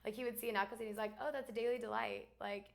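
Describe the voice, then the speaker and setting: A young woman from Alabama, a guest in a casual chat, talking fast with lots of fillers and laughs. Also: a little high, fairly even intonation, vocal fry. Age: young adult.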